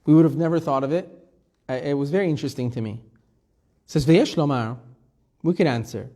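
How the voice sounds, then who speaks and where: A man teaching a Torah class as a rabbi, conversational and lively, quoting Hebrew phrases and asking and answering his own questions. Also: a little high. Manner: storytelling with Hebrew quotes.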